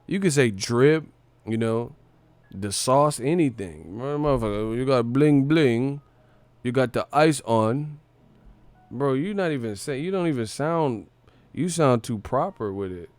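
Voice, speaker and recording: A man's voice: mid-range voice, lively intonation, measured pace, a little mellow, no echo. A man hosting a casual boxing live stream, mocking and profane, laughing often between his jabs.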